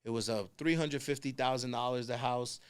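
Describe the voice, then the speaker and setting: A man, a construction consultant chatting as a podcast guest, telling animated stories and acting out the people in them. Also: mid-range voice, brisk, smooth. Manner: animated storyteller, acts out quoted people. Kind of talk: casual conversation.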